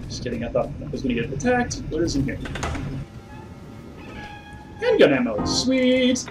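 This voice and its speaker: A somewhat high-voiced man commentates his horror game playthrough, his voice leaping around as he mutters, hums and yelps when scared. He sits a little away from the mic, and clear game music plays under his talk. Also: moderate pace, distant mic, low-quality recording. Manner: excitable, talks to himself, hums along, yelps when scared. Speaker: gamer playing a horror game. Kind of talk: let's play commentary.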